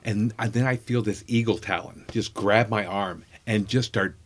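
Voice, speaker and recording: A man's voice: on the low side, steady tone, moderate pace. Middle-aged man spinning rambling anecdotes. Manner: rambling, self-deprecating anecdotes, acting out quotes. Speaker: comedian guest. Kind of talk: casual storytelling chat.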